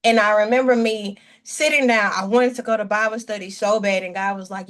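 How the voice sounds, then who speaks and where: A woman's voice: mid-range voice, steady tone, a little fast, hardly any pauses, a bit bright. A woman pastor speaking earnestly and from the heart as a guest, sharing her testimony in a casual chat, often rambling and restarting her sentences.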